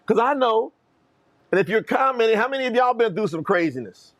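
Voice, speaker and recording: A middle-aged man from Kentucky, telling a personal story to online viewers as a motivational speaker, animated and talking straight to his audience. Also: very high voice, brisk, lo-fi sound.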